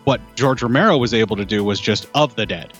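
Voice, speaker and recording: A man's voice: fairly low pitch, fast talker, fairly bright tone, soft background music. A man chatting casually about an old horror film, talkative and loose, filling his sentences with "like" and "you know". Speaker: film podcast co-host.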